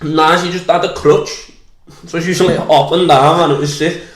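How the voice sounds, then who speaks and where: A man's voice: fairly high pitch, steady tone, moderate pace, echoey room. A young man from Liverpool with a Scouse accent, a podcast guest telling a long, crude, self-deprecating story in casual chat.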